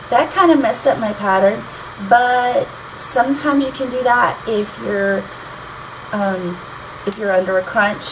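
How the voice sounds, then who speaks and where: A woman's voice: medium pitch, measured pace. A woman teaching songwriting in a chatty, explanatory way, tapping out rhythms aloud as she goes. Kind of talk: explanatory lesson. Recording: noticeable background noise.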